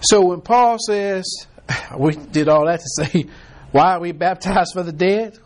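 A man's voice: high-pitched, measured pace. A male preacher giving a sermon, reading scripture and then retelling it in casual everyday words with repeated phrases.

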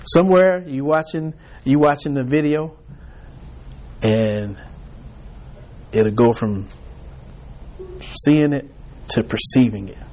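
A man's voice: mid-range voice, takes it slowly, long pauses, a little mellow. A man leading an informal Bible study, talking conversationally with frequent restarts and acting out people's reactions.

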